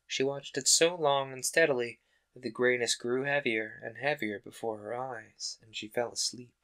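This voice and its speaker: A man host reading a classic children's book aloud in a calm, steady narration. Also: mid-range voice, normal speed. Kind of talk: audiobook-style narration.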